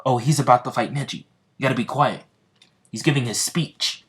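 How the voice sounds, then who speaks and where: A man voicing an eager, fanboyish young male anime hero who gushes excitedly in a raised voice. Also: medium pitch, brisk, voice pushed up, lightly acted. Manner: excited, breathless gushing.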